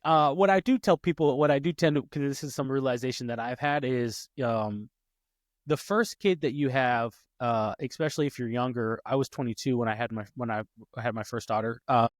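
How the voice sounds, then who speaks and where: A man's voice: medium pitch, a little fast, no echo. A man in his late twenties, a podcast host in casual chat, telling stories and acting out quotes with a rising voice. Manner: animated, acts out quotes with rising voice.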